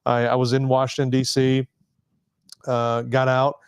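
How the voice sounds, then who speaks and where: A man's voice: medium pitch, monotone, unhurried, clean tone, dry recording, clean studio sound. A man in his forties, a veteran guest telling his story in a casual interview, rambling with fillers and restarts. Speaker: podcast guest, Marine veteran. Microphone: desk podcast mic.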